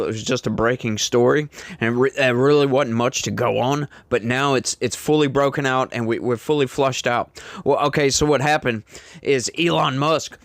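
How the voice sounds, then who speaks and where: A man's voice: medium pitch, dry recording. A man hosting a casual political commentary show, speaking emphatically and indignantly straight to his viewers.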